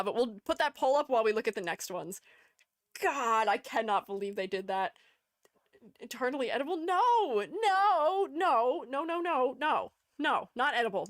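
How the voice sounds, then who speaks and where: A woman's voice: a little high, fairly bright tone, dry recording, studio quality. A young woman streamer chatting casually, giggly and mock-dramatic. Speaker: streamer and art educator. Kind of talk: casual live-stream chat.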